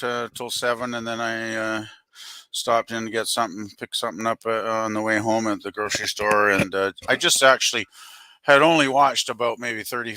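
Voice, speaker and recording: A man's voice: on the low side, bright, forceful tone, no echo, rough recording. A man joining a live panel as a guest, chatting casually with many filler words. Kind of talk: casual chat.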